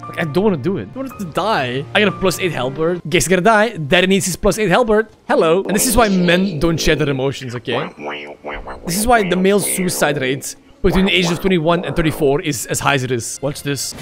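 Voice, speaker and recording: Young male streamer, high and lively voice, crude excitable play-by-play, faint music underneath. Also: brisk. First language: Dutch. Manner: excitable, crude jokes, sudden yelps and laughs. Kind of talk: casual let's-play commentary.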